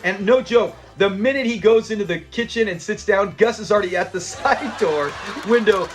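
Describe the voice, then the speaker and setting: A man casually recapping a sitcom episode for his channel, animated and laughing often as he retells the scenes. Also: sits high, moderate pace. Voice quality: animated, laughs often, acts out characters' lines. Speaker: YouTube episode reviewer.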